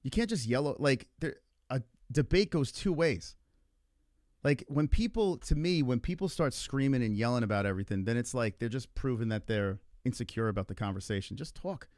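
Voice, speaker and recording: A man's voice: medium pitch, expressive, fairly quick, a little mellow, no echo, clean studio sound. A young man hosting a casual livestream chat, rambling and exasperated, swearing often as he asks why everyone gets so angry. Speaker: podcast host.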